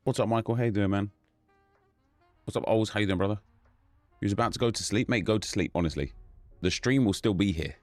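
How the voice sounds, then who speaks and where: A man with a very low voice hosts a gaming live stream from a home setup, chatting loosely and greeting viewers by name. The sound is dry and close, with faint music underneath. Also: fast, long pauses, darkish tone, no echo. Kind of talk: casual live-stream chat.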